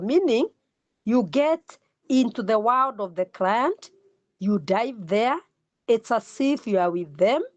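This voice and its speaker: A middle-aged woman teaching a counselling class, repeating key words slowly for emphasis. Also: on the high side, dry recording, lo-fi sound. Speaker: counselling lecturer. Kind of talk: classroom lecture.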